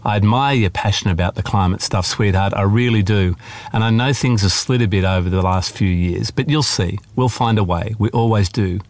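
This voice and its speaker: A man's voice: fairly low pitch, moderate pace, dry recording, natural voice. A man reading aloud as a stubborn, fond middle-aged father who turns exasperated with his daughter. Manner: soothing then exasperated.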